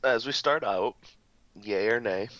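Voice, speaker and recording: A man's voice: medium pitch, measured pace, a bit bright, dry recording, muffled recording. A man co-hosting a casual podcast chat, laughing easily and talking through hesitant restarts. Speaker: podcast co-host.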